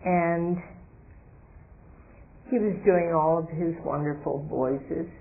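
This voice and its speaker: An older woman speaks at a deliberate, unhurried pace, her voice slightly gravelly. She tells stories to an audience in a hotel event room. The recording is thin and tinny, with faint hiss behind her. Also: low-pitched, fairly even intonation. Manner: slow, deliberate, reflective storytelling. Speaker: guest speaker, radio host. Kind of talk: public talk with audience questions.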